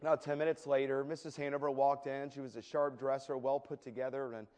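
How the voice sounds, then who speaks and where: A male preacher telling a story in a sermon, animated and often repeating words as he goes. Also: medium pitch, a little fast. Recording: echoey hall with long reverb.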